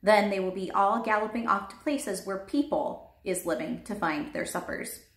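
A woman's voice: medium pitch, normal speed, lightly acted. A woman voicing a big, friendly male giant who bumbles through made-up words with a folksy lilt, read aloud in a roomy space. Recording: roomy echo.

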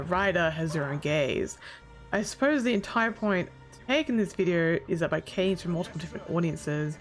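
With a lowish voice, this woman narrates a laid-back commentary video essay. Her tone is sarcastic and brash, she swears without restraint, and she breaks into loud, exasperated outbursts.

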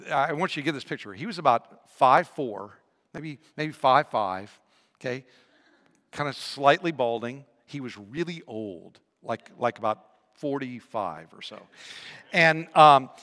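A male pastor preaching a sermon with animated storytelling, humor and frequent repetitions, in an echoey church hall. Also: medium pitch.

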